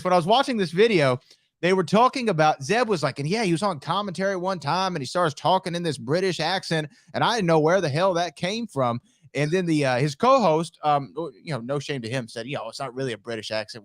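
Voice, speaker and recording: A man's voice: a little high, fast talker, dry recording, studio quality. A man co-hosting a podcast in casual chat, in a playful, teasing manner. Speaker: podcast co-host.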